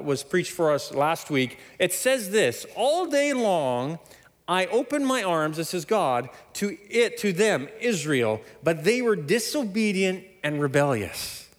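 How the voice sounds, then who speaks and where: A man preaching a sermon, emphatic and animated, often laughing between points. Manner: animated, emphatic preaching with sudden loud high stresses. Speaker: pastor. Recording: long hall reverb.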